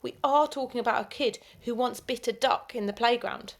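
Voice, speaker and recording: A woman primary school teacher reading a story aloud to children, expressive and dropping into whispers for the asides. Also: on the high side, moderate pace.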